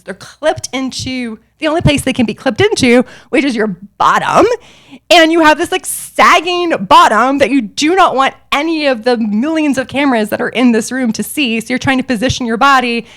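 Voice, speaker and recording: A woman in her forties hosting a podcast, telling a personal story with self-deprecating humor, laughing often and breaking into bursts of high excitement. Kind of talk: animated storytelling monologue.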